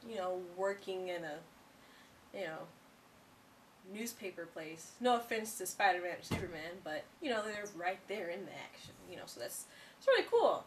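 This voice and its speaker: Excitable young woman, a bit off-mic. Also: lowish voice, normal speed, recorded from a distance, slight background noise, rough recording. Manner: excitable, gushing, heavy "you know" and "like". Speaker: co-host of a TV review show. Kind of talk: casual chat review.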